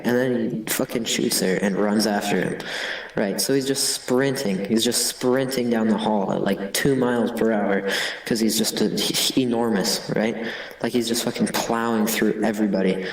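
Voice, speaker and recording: A man improvising a crude story in a halting, profane way over voice chat. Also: medium pitch. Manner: halting, profane, full of restarts. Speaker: comedy game player. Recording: echoey distant mic.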